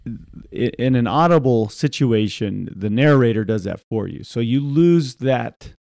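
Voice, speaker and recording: A man co-hosting a podcast in casual chat, animated and quick to laugh, slipping into voices while telling stories. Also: mid-range voice, gravelly, no echo, clean studio sound. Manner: animated, laughs often, imitates voices mid-story. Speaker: podcast co-host.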